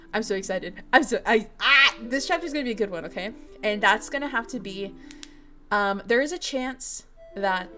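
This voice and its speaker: A young woman chatting casually with her stream chat, bubbly and excitable, giggling often with lots of fillers. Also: on the high side. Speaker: streamer reading fanfiction to chat. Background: faint music.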